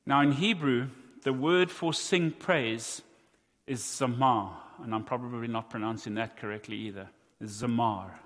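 A man with a South African accent preaching a sermon, earnest and deliberate, with wry asides to his congregation. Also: medium pitch, a bit bright, long reverb tail. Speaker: pastor.

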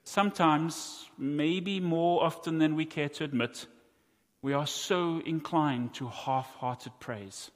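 A man with a South African accent preaching a sermon, earnest and deliberate, with wry asides to his congregation. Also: on the high side, in a large hall. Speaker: pastor.

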